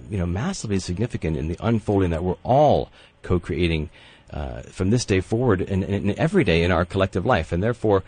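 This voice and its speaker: A man hosts a talk radio show from a studio, his voice sitting very low. He speaks earnestly and rambles, leaning on many fillers as he talks. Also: darkish tone, breathy edge.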